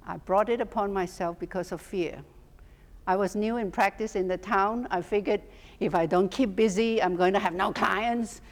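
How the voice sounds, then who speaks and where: Middle-aged woman teaching hypnotherapy, storytelling, laughs a lot, echoey hall sound. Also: mid-range voice. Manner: lively anecdotal storyteller, laughs often. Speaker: hypnotherapy instructor. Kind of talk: storytelling lecture to a class. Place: teaching room with an audience. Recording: long hall reverb.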